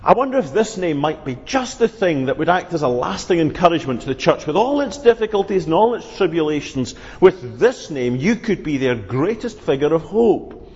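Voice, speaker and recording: A man voicing a dry, unflappable solicitor, speaking calmly and matter-of-factly. His tone still moves about lively, and the recording is muffled with a long hall echo. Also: on the high side, moderate pace. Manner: calm, dry, matter-of-fact. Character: dry, patient, unmoved male solicitor. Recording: dull, reverberant hall sound.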